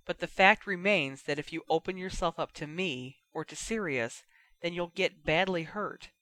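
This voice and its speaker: A man reading a story aloud and voicing a patient, measured older male teacher who speaks calmly and quietly. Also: fairly high pitch. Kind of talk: audiobook character voice.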